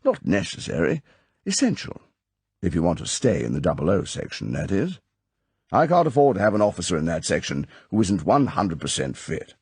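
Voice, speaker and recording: A man's voice: low voice, huge pitch swings, normal speed, darkish tone, slightly rough, no echo, exaggerated voice. A man voicing a stern older male spymaster who lectures in a clipped, commanding way, from an audiobook reading. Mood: brisk.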